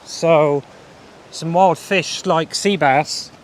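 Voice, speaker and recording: A man born in Scotland who speaks with a southern English accent, guiding a coastal walk outdoors. He talks in halting bursts with fillers and restarts, his voice on the high side. Faint outdoor noise runs behind him. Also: fairly even intonation. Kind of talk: casual tour chat.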